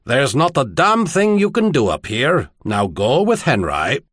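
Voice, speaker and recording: A male narrator voicing a seasoned navy high admiral who speaks firmly and wryly. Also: very animated, moderate pace, no room sound. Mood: stern. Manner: dry, firm, wryly commanding.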